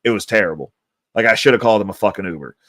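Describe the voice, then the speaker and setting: A man's voice: lowish voice, rapid-fire, no room sound, clean studio sound. A man telling crude, rambling stories on a livestream, laughing often. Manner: profane, laughing, animated storyteller. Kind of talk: casual storytelling chat.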